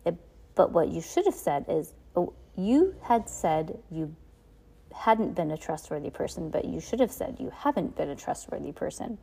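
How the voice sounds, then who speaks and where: A woman's voice: lowish voice, big pitch swings, normal speed, vocal fry, warm tone, slightly rough, heavily acted, low-quality recording. A woman reading aloud, voicing a fearful, fussy old woman who pleads nervously.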